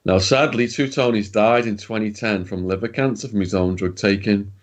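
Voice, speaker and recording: A man's voice: on the low side, fairly even intonation, normal speed. A British man telling stories as an interview guest, in a blunt, chatty way with slang and the odd swear word. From Britain. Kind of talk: casual storytelling in an interview.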